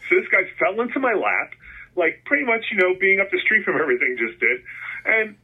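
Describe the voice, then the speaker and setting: A middle-aged man from New Jersey telling stories in a casual interview as a guest, rambling with many restarts and animated when quoting himself. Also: high voice, a little fast. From New Jersey, USA. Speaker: guest, concert photographer. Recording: phone-like line, husky.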